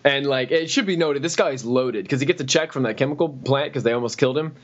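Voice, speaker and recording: A man casually telling rambling work stories on a podcast, slipping into quoted voices. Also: fast. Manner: rambling, acts out quoted people in high voices. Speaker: podcast co-host. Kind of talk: casual storytelling chat. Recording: dull lo-fi podcast audio.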